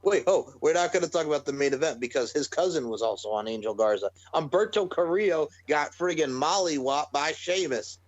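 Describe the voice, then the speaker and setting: A man co-hosting a casual wrestling podcast, excitable and sarcastic. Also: fairly high pitch, fairly quick, hardly any pauses, no echo, dull audio. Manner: excitable, sarcastic, swears freely. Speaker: podcast co-host.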